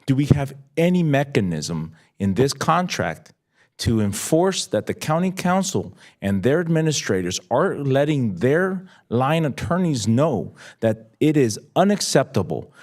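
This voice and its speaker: An impassioned man delivers public comment at a county board meeting. He speaks from the floor with mounting emotion, pressing officials with sharp questions. His pitch sits in an ordinary middle range. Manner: impassioned, rising to near shouting.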